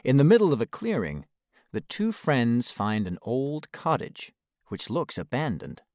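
A man reading a children's storybook aloud, expressive and dropping low on the speech tags. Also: unhurried, no echo, clean studio sound. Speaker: narrator.

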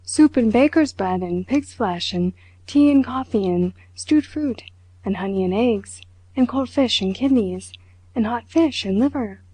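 A woman reads an eager, gossiping male dinner guest who rattles off long lists. His tone is mellow and warm. The recording is close and dry. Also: fairly high pitch, animated, measured pace, slightly rough, no room sound, poor audio.

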